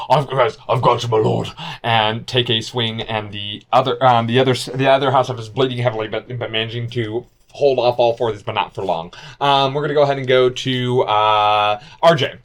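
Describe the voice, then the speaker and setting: A man narrating as game master, halting and restarting often, with sudden shouted character lines. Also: mid-range voice.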